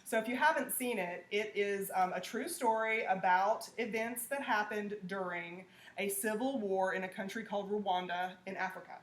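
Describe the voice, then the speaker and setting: A woman's voice: mid-range voice, normal speed. A woman lecturing a classroom, talking conversationally and checking in with "okay?". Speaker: teacher.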